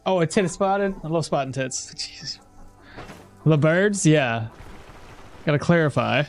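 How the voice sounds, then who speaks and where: Male streamer, slightly high voice, loose rambling game commentary, reacts to chat, soft music under. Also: animated, unhurried. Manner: rambling, thinks aloud, laughs at chat. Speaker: gameplay streamer. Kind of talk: casual gameplay commentary.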